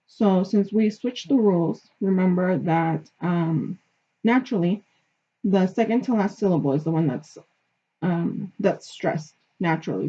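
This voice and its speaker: A woman teaching a grammar lesson, explaining patiently step by step and checking in with her listeners. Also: medium pitch. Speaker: Spanish teacher. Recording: dull lo-fi recording.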